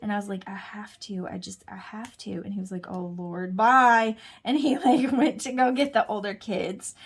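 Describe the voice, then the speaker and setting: A woman's voice: mid-range voice, fairly even intonation, a little fast, a little mellow, slightly rough. A woman in her thirties telling a personal story in a casual, chatty, self-deprecating way, often quoting herself and others. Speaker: host.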